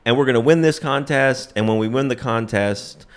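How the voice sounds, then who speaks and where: Comedian host, mid-pitched man, animated plot recap, laughs a lot. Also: normal speed, clear, resonant tone. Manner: animated storytelling, acting out characters' lines, laughing often. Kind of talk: casual comedic podcast chat.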